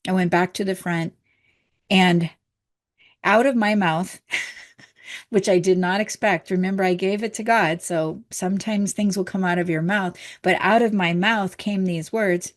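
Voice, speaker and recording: A woman's voice: fairly low pitch, fairly even intonation, measured pace. A woman teaching a healing course, telling a personal story in an earnest, candid way and voicing her own past thoughts.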